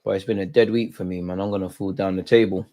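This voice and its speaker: A man's voice: low-pitched, steady tone, quick pace, dark tone. Opinionated young man chatting football. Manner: chatty, opinionated, rambling banter. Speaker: football watch-along host. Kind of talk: casual live match commentary.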